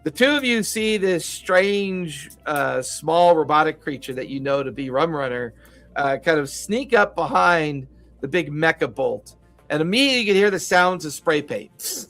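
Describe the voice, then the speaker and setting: A man running a tabletop game over a voice call, his voice sitting a bit high for a man. He narrates with a loose, chuckling manner and plenty of ums. Faint music plays underneath. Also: animated, normal speed, fairly bright tone. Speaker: game master.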